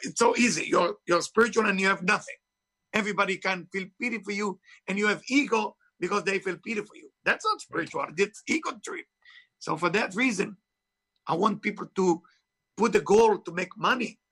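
In this interview, an author and spiritual teacher with a heavy foreign accent makes his points emphatically, in a preachy style with non-native phrasing. His high voice moves fairly quickly and sounds pushed and bright.

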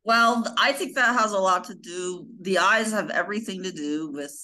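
A woman's voice: medium pitch, moderate pace, pushed and bright, rough recording. A woman co-hosting a podcast in casual chat, hesitant and often trailing off. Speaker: podcast co-host.

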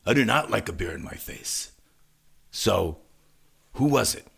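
A man doing a menacing, low-voiced rock singer. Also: very animated, a little slow, creaky, slightly rough, heavily acted. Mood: accusing. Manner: menacing, confrontational. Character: angry male rock singer scolding a crowd.

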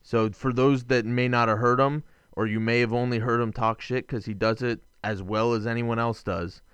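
Smooth-voiced young man chatting sports. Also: medium pitch, steady tone, normal speed, a bit bright, no echo, lo-fi sound. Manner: rambling, self-correcting, enthusiastic. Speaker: podcast co-host. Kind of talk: casual sports chat.

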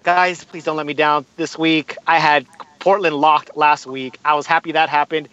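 A man hosting a casual sports podcast, animated and quick to laugh, stressing words by repeating them. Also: on the high side, clear, resonant tone, no echo, dull audio. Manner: animated, laughing, repetitive emphasis. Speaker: podcast host.

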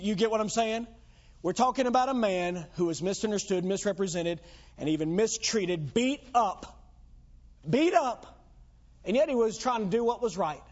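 A man's voice: high-pitched, highs cut off. A man preaching a sermon as pastor, emphatic and full of rhetorical questions to the congregation.

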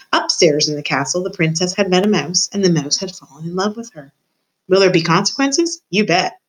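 A woman teacher reading a novel aloud to her students, expressive and addressing the reader directly. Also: lowish voice, low-quality recording. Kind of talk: read-aloud storytelling.

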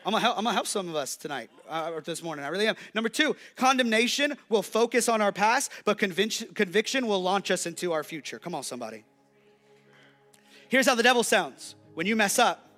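A man's voice: sits high, faint music behind. A man pastor preaching a sermon with lots of energy, acting out the voices of God and the devil. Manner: preaching to a congregation, playing the devil's and God's voices; energetic, with quick restarts and repeated calls.

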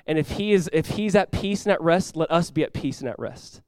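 A man, a pastor, preaching a sermon in an animated way, acting out voices with sudden loud bursts. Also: fairly high pitch, a little fast, dry recording.

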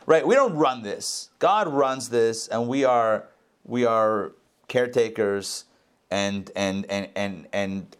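Man teaching scripture conversationally. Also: fairly low pitch. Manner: conversational, jokey asides. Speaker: Bible teacher. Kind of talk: informal scripture lesson.

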